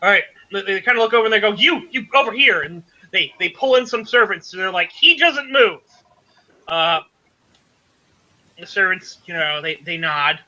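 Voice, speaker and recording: A man running a tabletop game as game master, narrating haltingly with many fillers. His voice is high and sharply bright, and the audio sounds dull and lo-fi. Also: steady tone. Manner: rambling, hesitant narration with fillers.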